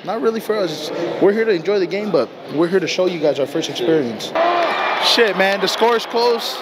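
A young American man hosting a vlog outdoors at a stadium, talking fast and slangy and shouting with excitement. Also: high-pitched. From United States. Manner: hyped, slangy, shouts over the crowd. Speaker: vlog host. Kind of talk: excited casual vlog chat. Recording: loud stadium crowd noise behind.

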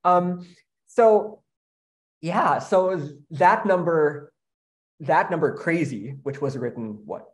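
Guy talking about his show, earnest, lots of ums and restarts. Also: a little high. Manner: earnest, halting, with many fillers and restarts. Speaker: musical writer. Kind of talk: casual panel conversation.

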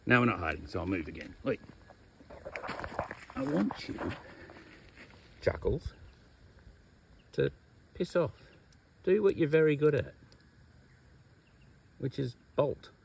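Laid-back Australian man with a gravelly voice. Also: medium pitch, expressive, slow pace, pauses often. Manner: laid-back, chatty, teasing the snake. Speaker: snake catcher. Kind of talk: casual outdoor vlog narration. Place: outdoors among bushes.

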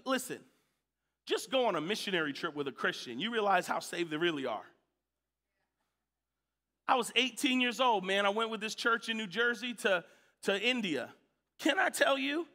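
Man pastor, high bright voice, animated sermon, church hall echo. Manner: animated storytelling, shouting at peaks. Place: church sanctuary.

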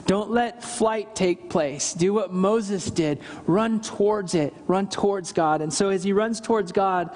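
Pastor, male, high voice, earnest sermon, lively scripture quotes, reverberant church hall. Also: unhurried, few pauses. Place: church service.

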